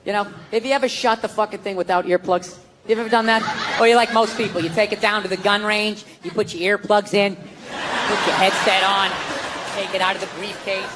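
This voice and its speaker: A middle-aged man doing a stand-up rant, profane and exasperated, often shouting. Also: high-pitched, steady tone, a little fast, noisy background. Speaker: stand-up comedian. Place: large theater on stage. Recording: live show, roomy echo, loud crowd laughter. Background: audience laughter.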